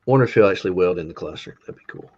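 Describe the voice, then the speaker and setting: A lower-pitched man talks casually on a podcast and works his way through a list of classes with plenty of ums and uhs. The sound is dull and lo-fi, with the top end cut off. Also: lively intonation, very fast, a little mellow, slightly rough. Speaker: podcast co-host.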